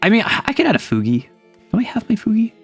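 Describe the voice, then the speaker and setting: A man's voice: high-pitched, huge pitch swings, fast talker, breathy edge, faint music behind. A man streaming from home, casually retelling his tabletop game session in a rambling way full of fillers and self-corrections.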